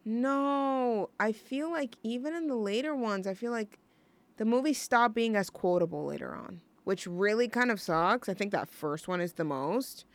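A woman's voice: a little high, lively intonation, normal speed, no room sound. A young woman hosting a college radio show, chatting on her own in a rambling, gushing way full of fillers and restarts. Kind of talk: casual solo radio chat.

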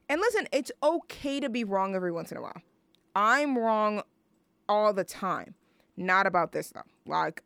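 Young woman, radio host, casual chatter, lots of fillers, smooth voice, dry booth. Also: medium pitch, fairly bright tone, no room sound. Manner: rambling, self-mocking, chatty with fillers. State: out of breath from dancing.

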